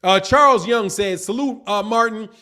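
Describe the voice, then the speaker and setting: On a casual boxing live stream, a man with a high voice reads viewers' chat messages aloud at normal speed. He reacts in a slangy, animated way and laughs often.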